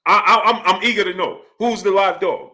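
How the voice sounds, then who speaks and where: Male livestream host; forceful, bright tone, slightly higher voice, animated chatty delivery. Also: fairly quick. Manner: animated, repeats questions, greets chatters by name. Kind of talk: casual livestream commentary.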